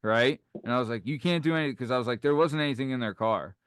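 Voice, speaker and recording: A man in his thirties with a smooth, resonant voice tells a story on a podcast, recorded in a dry room. He acts out the people he quotes, and his voice leaps much higher for them. Casual and lively throughout. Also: quick pace, no echo. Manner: animated, acts out quoted voices with big pitch jumps. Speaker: podcast host.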